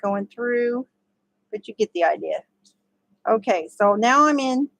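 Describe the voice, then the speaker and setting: A woman's voice: on the high side, expressive, measured pace, creaky, a bit bright, no room sound, low-quality recording. A woman giving a casual step-by-step crochet tutorial, chatty and laughing often. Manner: chatty, laughs often, talks to her dogs.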